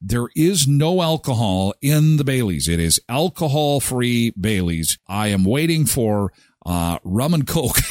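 A man's voice: mid-range voice, dry recording, clean studio sound. A man from Canada hosting a casual live morning show, chatting and reading sponsor spots. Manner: chatty and animated, jumps into quoted voices.

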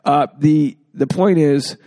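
A man's voice: fairly high pitch, takes it slowly, warm tone, dry recording. A man hosting a casual podcast, joking freely and acting out quotes in exaggerated voices. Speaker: podcast host.

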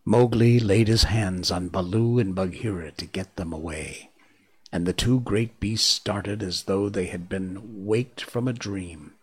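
A man narrating a classic storybook in a measured, hushed manner. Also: deep voice, breathy edge.

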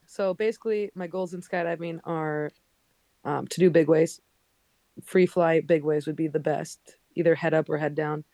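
A woman's voice: low-pitched, steady tone, moderate pace, mellow, no room sound. A woman who works as a skydiving instructor, chatting casually as a podcast guest, laughing often and saying um and like. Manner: laughs often while telling stories, many "um" and "like".

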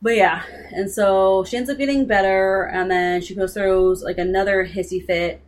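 A woman's voice: mid-range voice, fairly even intonation, normal speed. A young woman casually retelling a book's plot, rambling with lots of "like" and restarts. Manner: rambling, filler-heavy with frequent "like". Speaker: book discussion co-host. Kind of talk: casual chat retelling a book.

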